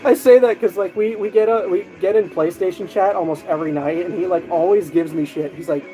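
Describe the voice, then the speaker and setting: A man streaming, chatting casually and telling animated stories with lots of fillers and restarts. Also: high voice, a little fast, low-quality recording. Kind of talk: casual chat. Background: music.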